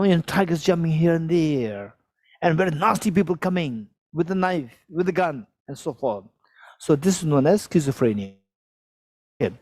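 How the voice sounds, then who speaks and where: A man's voice: high voice, darkish tone, no echo, clean studio sound. A man teaching a philosophy class as a Buddhist teacher, repeating his points and putting questions to the audience in non-native English phrasing.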